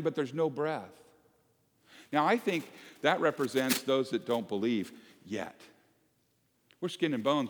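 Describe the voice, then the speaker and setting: A man preaching a sermon to his congregation, conversational and animated, joking with the people in the pews. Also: mid-range voice. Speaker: pastor. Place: church sanctuary. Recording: long hall reverb.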